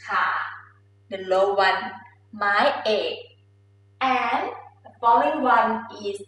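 A woman's voice: a little high, expressive, normal speed, long pauses, fairly bright tone, heavy reverb, recorded from a distance, a little hiss or hum, rough recording. A woman with a Thai accent, a native Thai speaker, patiently teaching a step-by-step language lesson and drilling words for repetition.

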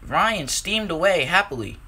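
A man narrating a storybook tale and dropping his voice low for the speech tags. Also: expressive, measured pace, pushed and bright, breathy edge.

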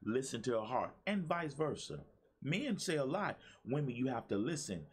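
Speaking at a moderate pace with a medium-pitched, sing-song voice and a breathy edge, this pastor and motivational speaker preaches to his viewers. He repeats himself often and keeps calling out to the audience.

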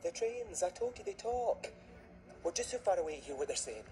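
A man's voice: sits high, sing-song, brisk, darkish tone, a little hiss or hum. A man voicing an easygoing young male conductor in a fan dub, casual, slangy and given to sighs. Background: music.

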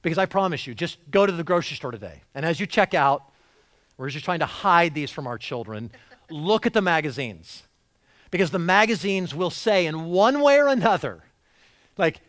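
Animated high-voiced preaching man. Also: moderate pace. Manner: animated, voices quotes with rising emphasis and repeated restarts. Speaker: pastor. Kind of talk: sermon. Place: church sanctuary.

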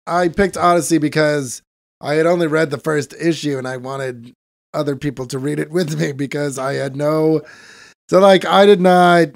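Podcast co-host, man, under the weather, gravelly voice, dry room, loose and profane. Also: on the high side, no room sound. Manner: rambling, profane, self-mocking. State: sick for days. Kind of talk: casual chat.

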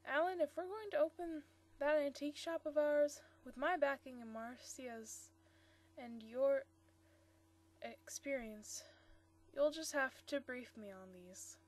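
Woman voicing a joking young man with a drawl, high-pitched read. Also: unhurried, a little mellow. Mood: teasing.

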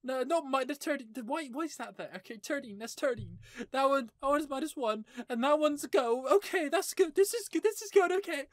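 A woman's voice: high-pitched, expressive, fairly quick, dry recording, studio quality. A young woman commentating her play of a horror game, panicking, laughing and swearing at it. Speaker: gaming YouTuber.

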